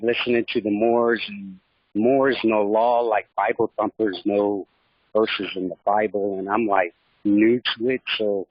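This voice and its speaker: A man's voice: on the low side, husky, dry recording. A man speaking on a group call, hesitant and full of fillers, over muffled online audio. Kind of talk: casual chat.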